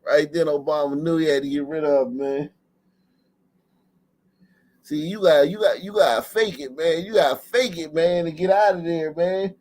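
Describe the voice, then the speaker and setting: A man's voice: on the high side, moderate pace, long pauses. A man hosting a livestream, riffing casually with lots of cursing and laughter, ending almost every line with "man.". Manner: profane, laughing, ends lines with "man". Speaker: livestream host. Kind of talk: casual commentary.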